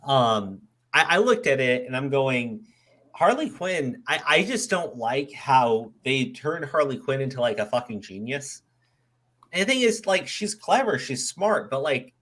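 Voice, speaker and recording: Male podcast host at mid pitch, loose casual chat, stumbles and restarts, curses freely. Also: sing-song, measured pace, fairly bright tone. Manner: rambling, swears casually, repeats words as he restarts.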